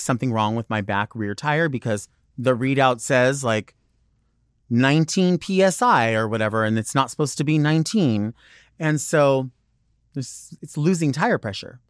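A male podcast host talks on his own in a loose, wandering monologue, hopping from one thought to the next with plenty of fillers. His voice sits at a middling pitch for a man. The recording is dry and close, with no room echo. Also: clear, resonant tone. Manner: rambling, digressive, chatty with many "like"s. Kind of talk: casual solo monologue.

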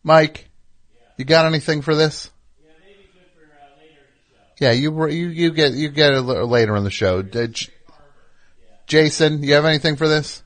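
A man's voice: on the high side, measured pace, pauses often, a bit bright. A man hosting a call-in radio show, taking callers with dry, sarcastic banter. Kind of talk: casual call-in talk.

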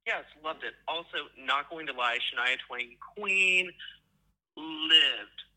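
A man's voice: fairly high pitch, slow, pushed and bright. A man from Texas with a Texan accent, chatting on a phone call in a gushing, playful way. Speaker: caller. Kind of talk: casual phone chat.

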